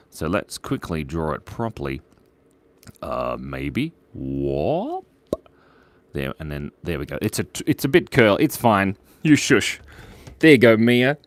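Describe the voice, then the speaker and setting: A man with a voice on the low side and no echo hosts a live drawing stream. He chats playfully and rambles casually while drawing, reading viewer names from the chat aloud.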